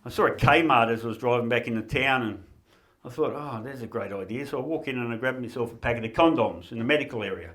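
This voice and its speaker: A man's voice: medium pitch, fast, fairly bright tone. An Australian man doing a stand-up comedy routine, reeling off puns and laughing at his own jokes.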